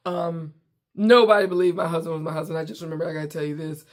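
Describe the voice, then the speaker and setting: This fast-talking, low-pitched US comedy host tells a story in casual, animated conversation from her home basement, repeatedly stopping mid-sentence.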